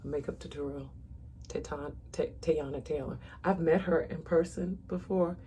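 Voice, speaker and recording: A woman's voice: deep voice, fairly even intonation, moderate pace, mellow, a little hiss or hum. Chatty woman doing her makeup. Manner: chatty, talks straight to viewers as "y'all". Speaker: makeup vlogger. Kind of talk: casual makeup tutorial chat.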